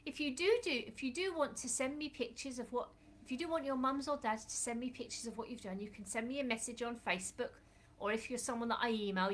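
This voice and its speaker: A woman's voice: on the high side, fairly bright tone, low-quality recording. A woman hosting a Bible club for children, talking in a friendly way and calling out sing-song greetings.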